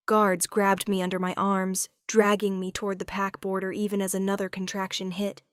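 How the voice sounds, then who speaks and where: A woman narrating a first-person romance audiobook in a measured, dramatic way on a close studio mic. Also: mid-range voice, level tone, smooth, no echo.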